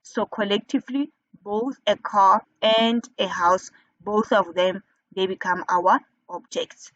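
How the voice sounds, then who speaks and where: A woman teaching a grammar lesson, slow and deliberate, who asks questions and then answers them herself. Her voice sits at a middle pitch. The recording is dry and a little dull and lo-fi. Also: fairly even intonation, fairly bright tone, no room sound. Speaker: English teacher.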